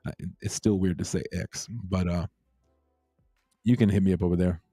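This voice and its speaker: A relaxed man chats through a livestream in a low, mellow voice. He rambles easily, repeats his phrases and greets viewers from the chat. The sound is dry and close. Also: moderate pace, dry recording, faint music behind. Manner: laid-back, repeats himself, reads chat aloud. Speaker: crypto livestream host.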